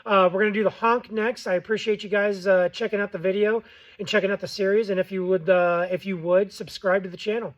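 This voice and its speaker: A man's voice: high voice, fairly even intonation, a little fast, highs cut off. A man hosting a casual how-to tutorial, plain-spoken with frequent ums and okays. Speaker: game call maker and tutorial host.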